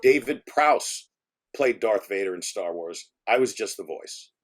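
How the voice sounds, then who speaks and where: A man imitating a gracious older male actor, speaking slowly in a deep, solemn voice. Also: animated.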